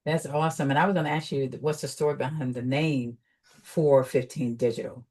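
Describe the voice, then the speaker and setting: A woman's voice: a bass voice, steady tone, a little fast, darkish tone. A woman from Chicago hosting an interview, upbeat and affirming, laughing easily as she asks questions. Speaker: interview host. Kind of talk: conversational interview.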